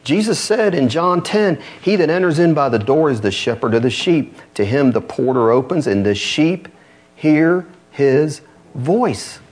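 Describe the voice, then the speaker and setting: A man preaching a sermon, reading scripture aloud in a lower, slower voice and lifting his pitch to drive points home. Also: animated. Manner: reads scripture low and slow, then rises to press points.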